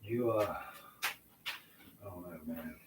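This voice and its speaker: A man with a very low voice rants in an agitated, profane ramble, sometimes trailing off into mutters. He talks into a handheld phone in his kitchen, and the recording carries a clear hiss of noise behind him. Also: very slow. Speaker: vlogger. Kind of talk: unscripted rant to camera. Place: home kitchen, indoors.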